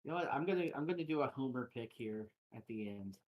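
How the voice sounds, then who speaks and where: A man's voice: mid-range voice, animated, quick pace, highs cut off. A man hosting a live fantasy football stream, chatting loosely with lots of fillers and restarts, recorded at a home setup on a desk mic. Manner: loose, filler-heavy analysis with frequent restarts. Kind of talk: casual live-stream chat.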